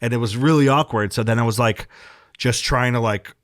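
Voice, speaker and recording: A man's voice: medium pitch, brisk, dry recording, clean studio sound. A man co-hosting a podcast, a stand-up comic telling candid, profane stories in casual chat.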